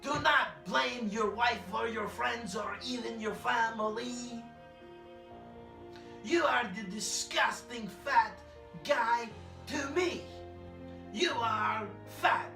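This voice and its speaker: A man playing an eccentric immigrant male poet who speaks broken English and declaims loudly. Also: extremely high pitch, slow pace, creaky, roomy sound, recorded from a distance, over music, full character voice. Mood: ranting. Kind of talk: comedy character monologue.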